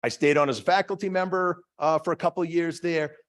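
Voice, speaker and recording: A man's voice: a little high, fairly even intonation, fast. A middle-aged man with a Boston accent, a department head giving a chatty, self-deprecating talk to an audience, with many fillers and restarts. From Massachusetts. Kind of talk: lecture to an audience.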